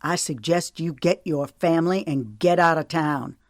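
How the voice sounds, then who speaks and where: A woman's voice: normal speed, no echo, clean studio sound. A woman voicing a stern, protective man. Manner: firm, clipped and low.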